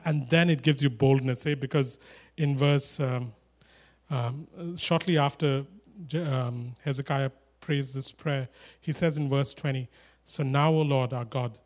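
A man preaching a sermon, animated and emphatic, with chatty asides and humorous stories. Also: mid-range voice. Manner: animated, rising to loud emphatic declarations.

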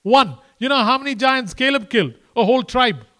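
At a brisk pace, this high-voiced preacher keeps his sermon loose and chatty, speaking to the congregation like friends. His animated delivery shifts between hushed intimacy and lifted emphasis.

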